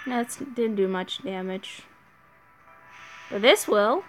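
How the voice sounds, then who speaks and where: A woman's voice: mid-range voice, expressive, slow pace, music in the background. A woman giving casual gameplay commentary as a channel host, rambling and often restarting her sentences.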